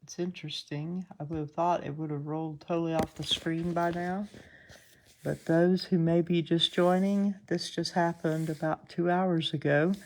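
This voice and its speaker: A woman's voice: on the low side, flat delivery, normal speed, a little mellow, slight background noise. A woman with a Southern US accent, just woken up and sleepy, chatting casually through a live stream as she thinks aloud over space weather charts. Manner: chatty, laughs often, thinks aloud while scanning charts.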